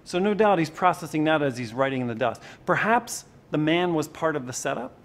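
A man preaching a sermon in a conversational, animated way, with sudden shifts in loudness for emphasis. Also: on the high side, brisk. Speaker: pastor.

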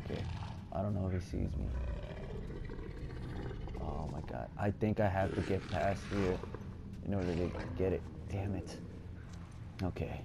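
A man giving let's play commentary, swinging between nervous muttering and loud excited shouting, and swearing a lot. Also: low-pitched, measured pace, vocal fry, long pauses, heavy background noise. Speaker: gaming streamer.

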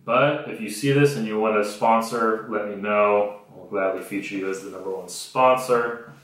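Recorded roughly with lots of echo, this young man's lowish, somewhat bright voice moves at a moderate pace. He runs his own podcast out of a homemade studio, delivering a casual comic monologue of stories told with sarcasm, bluntness and swearing.

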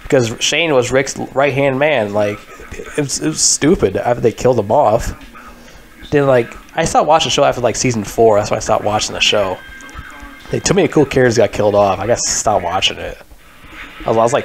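A man's voice: mid-range voice, brisk, soft background music. A man ranting in a casual vlog, heated and frustrated, swearing a lot and leaning on filler words. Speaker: vlogger. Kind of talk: casual rant about a TV show.

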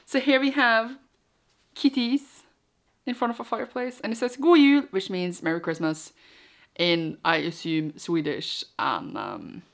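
A woman's voice: lowish voice, unhurried, vocal fry. A young woman from Norway, speaking English, chats in a rambling, giggly way while she unboxes things for her vlog. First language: Norwegian. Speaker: vlogger. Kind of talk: casual vlog chat.

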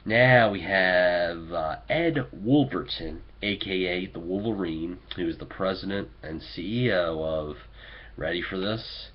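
A man's voice: deep voice, highs cut off. A man hosting a political commentary show, sarcastic and mocking toward local officials. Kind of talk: opinionated commentary.

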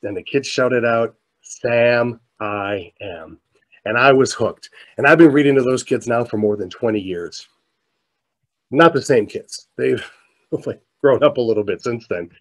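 A middle-aged man telling a story in a keynote talk, animated, his voice climbing as he gets excited. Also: medium pitch, moderate pace. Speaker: motivational speaker. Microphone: presentation mic, virtual showcase.

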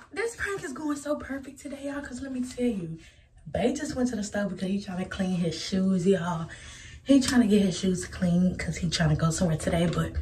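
A talkative woman vlogs into her phone and keeps calling out to her viewers. Her pitch sits at an ordinary middle height. Loud background noise runs under the handheld phone recording. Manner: chatty, keeps addressing viewers as y'all. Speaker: family vlogger. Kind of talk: casual vlog chat to camera. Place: car, then store aisles and home. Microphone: handheld phone camera. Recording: noisy handheld phone audio.

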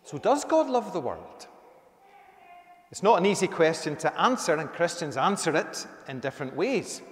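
A man, a minister giving a conversational sermon with emphatic rises. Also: on the high side. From Northern Ireland. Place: church. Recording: echoey church hall.

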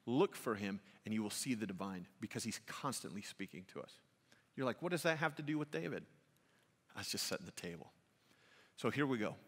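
A middle-aged man preaching a sermon as pastor, telling a lively story and then speaking softly and intimately to the congregation. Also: fairly low pitch, a little fast, breathy edge. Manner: animated storytelling that drops to a soft, intimate appeal. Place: church sanctuary. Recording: long church hall reverb.

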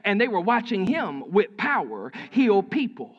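High-voiced preaching pastor man. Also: big pitch swings, measured pace, muffled recording. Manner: preaching with folksy storytelling and repetition. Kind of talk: sermon.

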